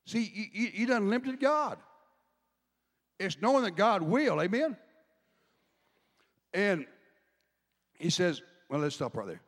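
A man's voice: high voice, sing-song, slow pace, long pauses. A man preaching a sermon, chatty, asking the congregation questions as he goes. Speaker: pastor. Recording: long hall reverb.

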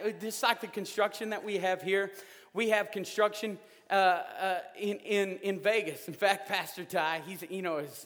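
Man, high bright voice, lively joking sermon style, echoing church hall. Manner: animated, joking, rising to loud outbursts. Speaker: preacher. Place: church sanctuary.

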